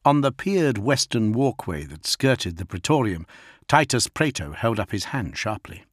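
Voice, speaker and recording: Male audiobook narrator, even measured read, dry close mic. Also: fairly low pitch, no echo.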